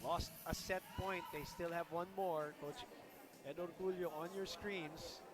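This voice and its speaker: High-voiced energetic male volleyball commentator. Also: a loud crowd. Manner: energetic, rapid calls of plays. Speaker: play-by-play commentator. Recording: loud music over broadcast.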